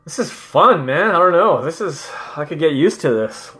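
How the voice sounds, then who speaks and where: A man's voice: a little high, expressive, a bit bright, soft background music. A man giving casual, playful commentary as he works through language app lessons, laughing at himself and sounding out French words. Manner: reads French words aloud slowly. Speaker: language learner vlogger.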